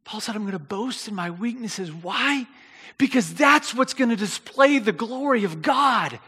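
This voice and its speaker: In a large, reverberant hall, a pastor with a high, husky voice delivers an unhurried sermon built around a story. He tells it with animation, often stumbling over and repeating words, and his voice climbs to near shouting at the big moments.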